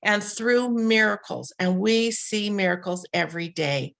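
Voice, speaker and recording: A woman's voice: mid-range voice, unhurried, vocal fry. Earnest middle-aged woman telling her story. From western United States. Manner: earnest, heartfelt, with frequent restarts and quoted dialogue. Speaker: webinar host. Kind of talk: personal storytelling.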